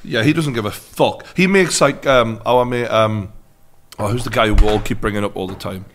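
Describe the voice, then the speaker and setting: A man's voice: lowish voice, normal speed, a bit bright. A young man chatting casually on a podcast, rambling with fillers and swearing freely. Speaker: podcast guest. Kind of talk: casual group chat.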